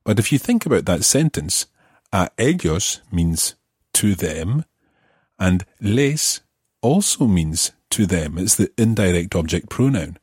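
A man's voice: sits low, sing-song, slow, a little mellow, husky, no room sound, studio quality. A man teaching a language lesson, explaining grammar patiently and methodically.

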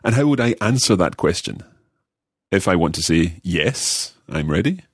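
A deep-voiced man leads a podcast language lesson in a friendly, measured way. His voice has a slightly husky edge and sits in a dry, close studio sound. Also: very animated, no room sound. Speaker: language course host and learner.

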